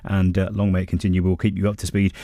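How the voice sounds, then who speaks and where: Quick-talking jokey radio host. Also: male voice, deep voice, monotone, warm tone, no echo. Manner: quick, joking. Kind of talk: casual radio banter.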